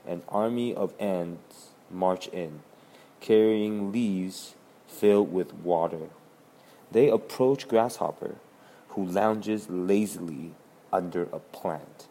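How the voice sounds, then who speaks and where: Narrator reading stage directions, slow, lowish voice. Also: male voice, warm tone. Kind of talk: reading a children's play script.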